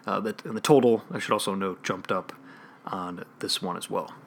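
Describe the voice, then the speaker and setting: Chicago man with a low voice. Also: moderate pace, creaky, very noisy. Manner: analytical, restarts phrases, trails off quietly at ends. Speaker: sports betting podcast host. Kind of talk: solo podcast analysis.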